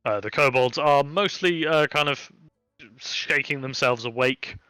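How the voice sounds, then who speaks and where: A man's voice: medium pitch, a little slow, pushed and bright, clean tone, no room sound. A man narrating a tabletop game as game master, casual and full of fillers.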